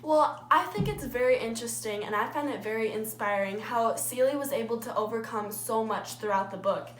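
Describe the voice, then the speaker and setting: A woman's voice: on the high side, a little fast, a little hiss or hum. A teenage girl earnestly giving prepared answers as a guest in a scripted student talk show. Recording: echoey room.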